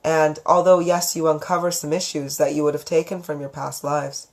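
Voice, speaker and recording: Calm, gentle woman giving live advice. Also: low voice, moderate pace. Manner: calm, gentle, affectionate counseling tone. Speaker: psychic reader and channel host. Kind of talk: live stream answering viewer comments.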